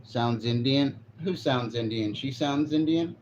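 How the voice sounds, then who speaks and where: A man's voice: medium pitch, measured pace, a little mellow. A man chatting casually on a live stream, rambling and swearing as he reacts to chat. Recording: dull lo-fi stream audio with faint noise.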